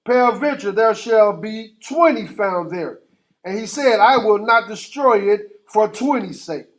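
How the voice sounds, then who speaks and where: A man with a high voice for a man reads scripture aloud in a Bible class. His reading is steady and formal, and he takes the old-fashioned wording verse by verse. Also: unhurried. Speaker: scripture reader.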